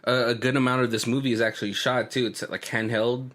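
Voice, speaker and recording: A man's voice: medium pitch, little pitch movement, quick pace, a bit bright. A man co-hosting a movie podcast, chatting casually, laughing often and restarting his sentences. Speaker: podcast co-host. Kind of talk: casual movie commentary chat.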